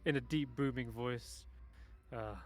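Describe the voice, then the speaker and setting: A man narrating a tabletop game as game master, halting with many ums and restarts. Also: mid-range voice, steady tone, soft background music.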